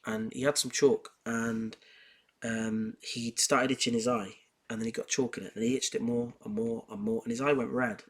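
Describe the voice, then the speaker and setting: A young man with a medium-pitched voice, hosting a podcast. He talks casually and heats up as he tells personal stories. He repeats his points for emphasis. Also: level tone, normal speed, husky. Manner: emphatic, heated storytelling with repetition. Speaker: podcast host. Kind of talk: casual monologue on self-improvement.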